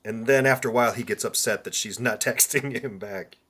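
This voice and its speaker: A man's voice: medium pitch, fairly quick, a bit bright, slightly rough. A man co-hosting a podcast in casual chat, reacting with playful, quizzical questions. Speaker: podcast co-host.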